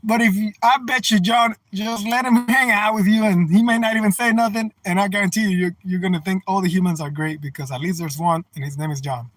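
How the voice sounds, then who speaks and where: A man with a fairly high-pitched voice, talking casually to his livestream viewers from a car. He rambles and repeats himself in an earnest, folksy, slangy way. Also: fairly even intonation, brisk, hardly any pauses, a bit bright, low-quality recording. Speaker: live streamer. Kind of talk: casual livestream chat, reading out viewer comments. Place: in a car while driving.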